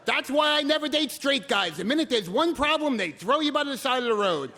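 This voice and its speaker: A dramatic, indignant boyfriend who huffs and snipes sarcastically, as a man puts him on while storytelling. High, loud and theatrical. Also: very animated, fairly quick, soft background music, heavily acted. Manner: huffy, sarcastic.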